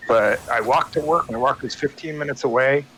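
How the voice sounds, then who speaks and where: A man's voice: mid-range voice, a little fast, a bit bright, slight background noise, poor audio. A man ranting in casual chat, swearing often and restarting his sentences. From United States. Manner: profane, rambling rant with many restarts. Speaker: guest chatting on a stream.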